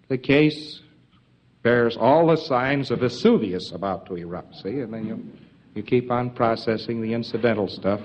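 A man's voice: lowish voice, a little hiss or hum. Folksy male lecturer on dull old tape. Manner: folksy, emphatic, joking asides. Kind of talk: informal lecture to trainees.

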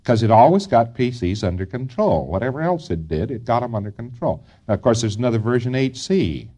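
A man giving an informal lecture to trainees, rambling and folksy, often pausing on fillers. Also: mid-range voice, big pitch swings, mellow.

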